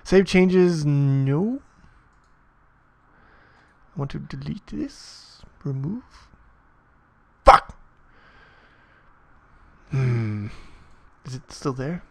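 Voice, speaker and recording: A man's voice: fairly high pitch, slow, vocal fry, pauses often, dark tone. A man narrating a casual coding tutorial as he types, muttering, swearing often and mocking himself. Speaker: programming tutor.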